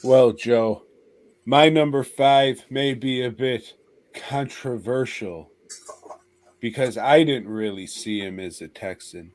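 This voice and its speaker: A man co-hosting a podcast in casual chat, joking wryly and drawing out his words. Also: medium pitch. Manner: wry, drawn-out joking. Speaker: podcast co-host.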